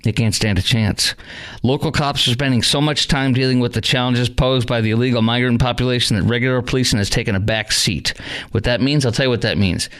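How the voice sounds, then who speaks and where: A man's voice: medium pitch, brisk, a bit bright. Male talk radio host, indignant and rambling, mid-range voice, lots of ums. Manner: indignant, rambling, many fillers and restarts.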